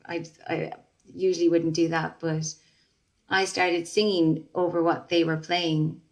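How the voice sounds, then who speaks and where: A woman speaks as a singer-songwriter guest on a podcast. Her voice sits low, and she talks in a reflective, unhurried way, stopping often to restart her sentences. The talk is relaxed and casual. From Ireland. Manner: reflective, many fillers and restarts. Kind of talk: casual interview chat.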